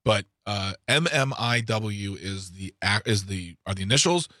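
Male talk radio co-host, chatty and wisecracking, bright voice, dry close studio mic. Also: fairly low pitch, lively intonation, no room sound. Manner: chatty, jokey, quick to agree. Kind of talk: casual talk radio discussion. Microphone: studio microphone.

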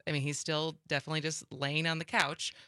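Young woman co-host, bright and dry-sounding, chatty with fillers. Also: sits low, flat delivery, quick pace, dry recording. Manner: chatty, laughs often, many fillers. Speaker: radio co-host. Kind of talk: casual radio talk.

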